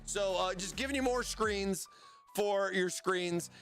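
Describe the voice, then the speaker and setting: A man's voice: sits high, slow pace, fairly bright tone, soft background music. A man hosting a casual product livestream, rambling and often stammering and repeating words. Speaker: livestream host.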